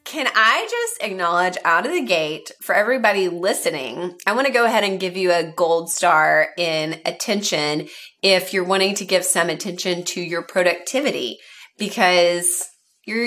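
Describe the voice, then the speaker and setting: A woman's voice: lowish voice, lively intonation, normal speed, pushed and bright. A woman hosting a productivity podcast, upbeat and encouraging in casual talk. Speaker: podcast host.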